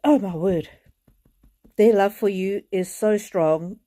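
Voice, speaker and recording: A woman giving a live oracle card reading, speaking gently and reassuringly to viewers in a chatty way with many fillers, often close to tears. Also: medium pitch, slow.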